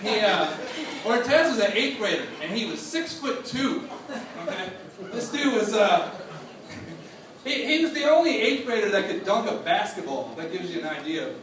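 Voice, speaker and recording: High-voiced man telling a story on stage. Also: normal speed, distant mic. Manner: animated, laughing, acts out other voices. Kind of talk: live comedic storytelling. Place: stage before a live audience. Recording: echoey hall, voice from off mic.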